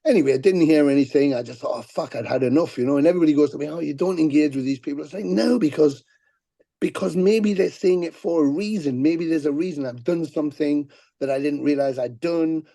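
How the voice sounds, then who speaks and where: A middle-aged man, a musician guest telling profane, animated stories on a podcast and acting out the people he quotes. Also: fairly high pitch, fast, vocal fry, no echo. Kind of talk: casual podcast storytelling.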